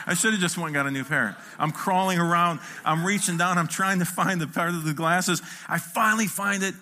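A man's voice: high voice, a little fast, hardly any pauses, slight background noise. A middle-aged man preaching a sermon as a pastor, telling a funny story and acting out the quotes of the people in it. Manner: animated, acts out quotes with a shifting voice.

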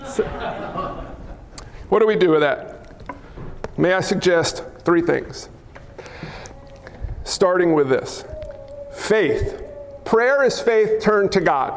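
A male pastor preaching a sermon in a church hall, wearing a mic, animated and acting out crowd cries and quoted lines. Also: sits high, slow pace, pauses often, slight background noise. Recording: long hall reverb.

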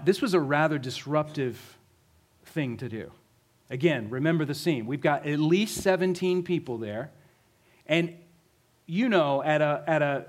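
Pastor guy, kinda high voice, chatty sermon w lots of questions. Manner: conversational, vivid storytelling with rhetorical questions.

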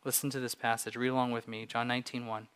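A man's voice: medium pitch, flat delivery, quick pace, fairly bright tone, clear, resonant tone. A man preaching a sermon as pastor, emphatic and rhetorical, building his points with repeated phrases.

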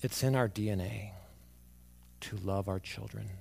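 Gravelly preacher man, hushed to emphatic. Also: lowish voice, measured pace. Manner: shifts between hushed and emphatic, tells personal stories. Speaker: pastor. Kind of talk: sermon.

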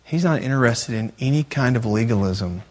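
A man's voice: mid-range voice, animated, moderate pace. A man giving a sermon as a youth pastor, often repeating himself and asking the audience rhetorical questions.

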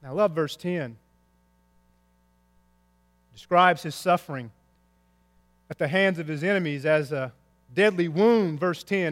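Impassioned high-voiced male preacher in a reverberant hall. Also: unhurried, long pauses. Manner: impassioned preaching with big swings in pitch and loudness. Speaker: pastor. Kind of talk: sermon.

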